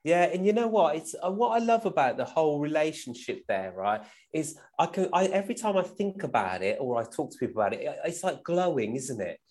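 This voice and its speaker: A man's voice: fairly high pitch, very animated, fairly quick, hardly any pauses, a little mellow. A man, a guest musician, telling stories casually and animatedly, often tagging "right?" and laughing as he goes. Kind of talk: casual storytelling.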